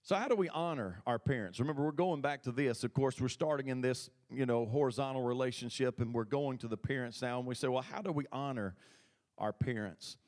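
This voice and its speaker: A man's voice: mid-range voice, a little fast, darkish tone. A man preaching a sermon as pastor, talking conversationally and calling for responses from the congregation. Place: church sanctuary.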